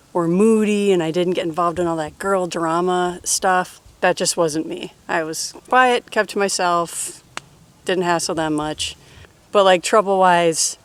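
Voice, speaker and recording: A woman in her thirties answering personal questions in a relaxed, rambling way, full of fillers and laughs. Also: on the low side, smooth. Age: 30s. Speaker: interviewee. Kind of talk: casual personal Q&A.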